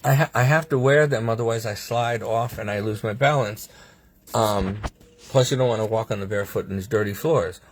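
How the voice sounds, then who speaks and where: A man's voice: lowish voice, a little fast, a little hiss or hum. A man in a hospital room, telling a casual video diary about his treatment, wry and sarcastic, acting out the doctors' lines and his own replies, laughing between remarks. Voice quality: husky. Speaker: patient sharing a hospital update.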